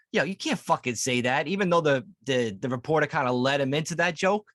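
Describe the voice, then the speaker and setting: A man's voice: mid-range voice, fast talker, a bit bright, no echo. A man co-hosting a sports podcast, rambling and swearing in casual chat. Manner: rambling, profane, with filler restarts. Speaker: podcast co-host.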